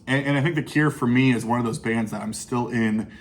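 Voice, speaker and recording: A man's voice: mid-range voice, fairly quick. A man casually talking through his recent record purchases, enthusiastic and rambling, with lots of fillers and restarts. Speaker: vinyl collecting YouTuber. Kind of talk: casual record haul review.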